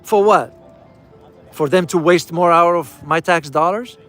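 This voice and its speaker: A man's voice: fairly high pitch, measured pace, fairly bright tone, soft background music. A man giving casual travel commentary to his viewers while riding through a city, addressing them as "guys" and repeating key phrases for emphasis. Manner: speaks directly to viewers as "guys".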